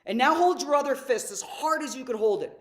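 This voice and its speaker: A woman leading a live online workshop who teaches with energy and keeps putting questions to her audience. Her voice sits a little high. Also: expressive, fairly quick. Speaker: workshop leader.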